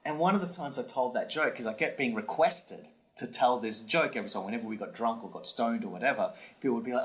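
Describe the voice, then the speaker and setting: A man co-hosting a comedy podcast, telling a long story with swooping pitch, many fillers and restarts. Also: lively intonation, fairly quick, hardly any pauses, fairly bright tone. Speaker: podcast co-host and comedy workshop instructor. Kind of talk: casual podcast chat, storytelling.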